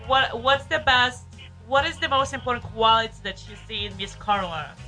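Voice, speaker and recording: A woman's voice: fairly high pitch, steady tone, normal speed, sharp tone, soft background music. A woman with an Eastern European accent hosting a radio show, chatting with a caller, laughing often and coaxing him to talk. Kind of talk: casual radio chat with a caller. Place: radio studio.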